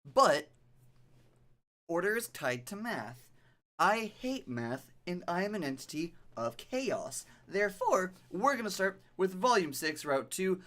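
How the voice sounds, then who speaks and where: A game streamer chatting live in an animated, self-deprecating way, sometimes reading game text aloud in a vague pirate accent. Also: medium pitch, a little slow.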